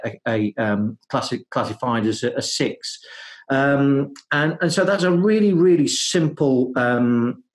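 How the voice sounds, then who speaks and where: A man, a dentist, talking through his ideas in a podcast interview, with many fillers, restarts and hesitant pauses. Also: medium pitch. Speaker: guest dentist.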